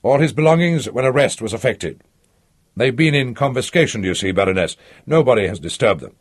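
A man voicing an officious, self-confident prison lieutenant in an audiobook reading, brisk and fawning. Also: mid-range voice, lively intonation, slightly rough. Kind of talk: audiobook character voice.

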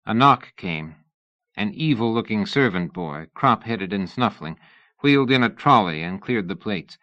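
A man narrates a novel in a measured, storytelling manner. His voice sits on the low side, and the recording is very dry with a dull, muffled sound. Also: animated, bright, forceful tone, no room sound. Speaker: audiobook narrator. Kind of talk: scripted narration.

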